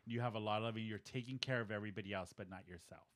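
A man's voice: lowish voice, very fast. A man co-hosting a podcast, animatedly retelling a story and acting out the quoted dialogue in a casual chat. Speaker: podcast co-host.

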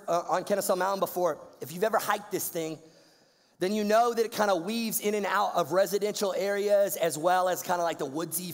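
A man's voice: high voice, long reverb tail. A young man from Georgia, telling a slangy, playful story to a youth audience. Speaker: youth speaker.

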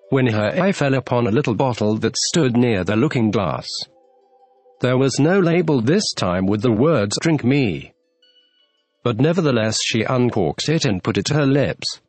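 A man reading a classic storybook aloud as narrator, in a measured, even storytelling manner. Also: mid-range voice. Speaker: audiobook narrator.

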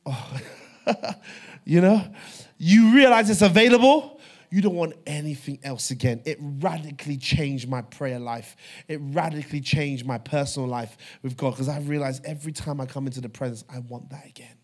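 A man preaching a sermon, telling a personal story with fervor, dropping to a hush and then rising loud. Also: mid-range voice, fairly even intonation, moderate pace, breathy edge. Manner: fervent storytelling, swings from hushed to loud. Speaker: pastor.

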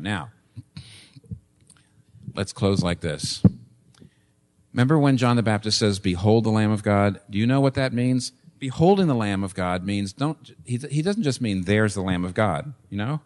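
A man's voice: lowish voice, lively intonation, moderate pace, darkish tone. A man in his sixties preaching a sermon in church, earnest and building to emphatic, repeated points. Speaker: pastor.

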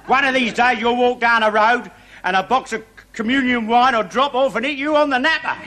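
A cocky busybody. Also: male voice, very high-pitched, a little fast, very noisy. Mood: nosy. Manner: boastful, nosy, chatty. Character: cocky working-class male busybody, self-praising. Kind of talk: TV sketch comedy acting.

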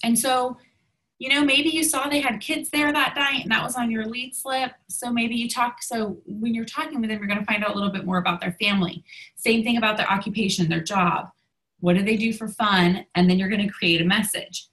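A woman's voice: a little high, fairly even intonation, brisk, a bit bright, low-quality recording. Chatty woman, a little out of breath. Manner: chatty, many ums and restarts. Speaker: sales team leader. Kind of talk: casual video coaching.

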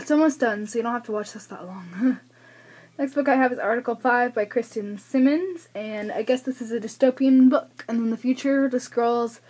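A woman's voice: fairly high pitch, a little mellow, husky. A young woman from the United States rambling through a book haul vlog, chatty and self-deprecating, a little out of breath, recorded on a camera's built-in mic. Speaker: book vlogger.

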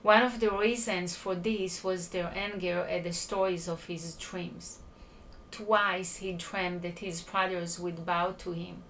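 A woman leading an online Bible study, presenting a prepared teaching in a deliberate, explanatory way. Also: lowish voice, steady tone, fairly bright tone, slight background noise, rough recording. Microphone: online voice call.

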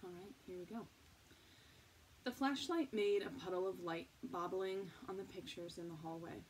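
A woman narrating a novel in a calm, measured storytelling voice. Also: lowish voice. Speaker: audiobook narrator. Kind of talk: scripted narration. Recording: distant mic, faint noise.

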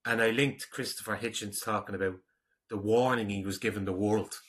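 Irish male vlogger, low-pitched and bright, a rambling, combative commentator. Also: fairly even intonation, fairly quick. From Ireland. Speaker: online commentator. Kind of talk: casual vlog reading out comments.

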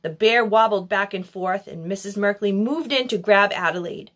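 A woman narrating a children's novel in an expressive storybook style. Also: medium pitch, moderate pace. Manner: expressive, animated. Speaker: audiobook reader.

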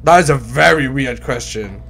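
A man doing casual let's play commentary on a horror game, excitable and bursting into shouts. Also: medium pitch, moderate pace, vocal fry, soft background music. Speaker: gaming YouTuber.

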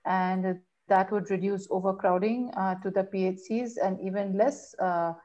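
A woman's voice: medium pitch, steady tone, measured pace, dark tone. A woman speaking as a panelist in a public health discussion, often repeating words and restarting.

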